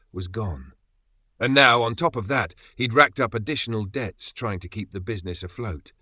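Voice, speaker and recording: A man with a fairly low, bright and forceful voice reads a first-person story in scripted narration. His telling is aggrieved and indignant. The sound is close and dry, with no room around it. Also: no echo.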